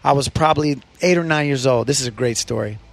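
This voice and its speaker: A man co-hosting a podcast, telling stories in casual chat, animated and swearing freely. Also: mid-range voice, quick pace, gravelly. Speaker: podcast co-host.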